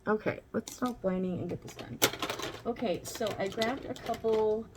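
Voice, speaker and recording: A woman's voice: a little high, moderate pace, background noise. A woman vlogger chatting casually through a makeup tutorial, candid and rambling, swearing now and then.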